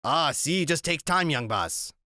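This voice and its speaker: A man voicing a calm, protective old West Indian seaman in an audiobook reading. He speaks in a gentle, steady dialect. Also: fairly high pitch, unhurried, no echo, clean studio sound, pitched above the performer's own voice.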